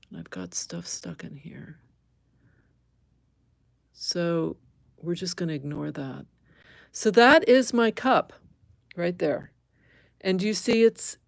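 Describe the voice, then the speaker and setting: A woman's voice: on the low side, darkish tone, no room sound. A middle-aged woman teaching embroidery on a live stream, thinking aloud as she stitches, correcting herself and chatting with viewers.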